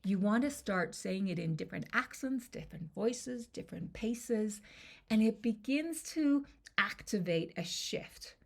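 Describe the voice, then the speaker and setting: A woman's voice: mid-range voice, animated, a little slow, vocal fry, darkish tone. A woman confidence coach teaching a lesson to camera in a conversational way, often checking in with the listener.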